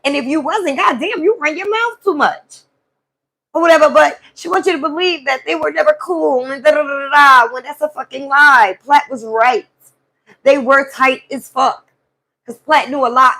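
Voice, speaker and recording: High-voiced woman venting. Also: normal speed. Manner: animated, profane storytelling to a live chat. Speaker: live stream host. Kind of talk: casual venting monologue.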